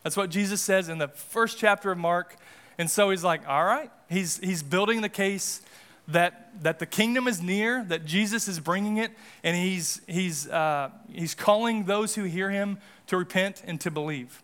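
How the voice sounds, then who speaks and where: A man's voice: sits high, moderate pace, fairly bright tone. A man pastor giving a casual, conversational sermon in a church, with frequent restarts and asides. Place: church sanctuary.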